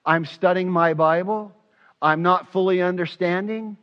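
A man's voice: high-pitched, steady tone, a little slow, muffled recording. A man preaching a sermon as pastor, acting out prayers aloud with passion. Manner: impassioned, acts out prayers aloud.

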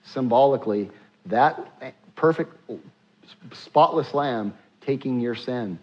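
A man's voice: medium pitch, slow pace. Preaching man, slightly dull recording. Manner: preaching with frequent filler sounds, acting out prayers in a hushed voice. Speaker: pastor. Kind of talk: sermon.

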